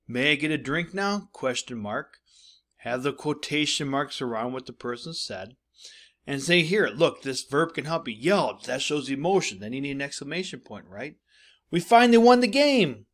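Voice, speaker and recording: With a mid-range, fairly bright voice, a man teaches a recorded lesson, walking his students through each step and addressing them directly.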